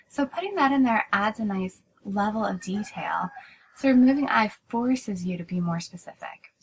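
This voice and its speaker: A woman's voice: medium pitch, expressive, moderate pace, a little hiss or hum, rough recording. A woman teaching a writing class in a recorded lecture, explaining steadily and often restarting with "so".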